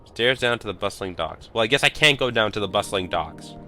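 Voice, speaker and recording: Male streamer, low voice with a bouncy melody, chatty reads of game text. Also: lively intonation, a little fast, bright, forceful tone, soft background music.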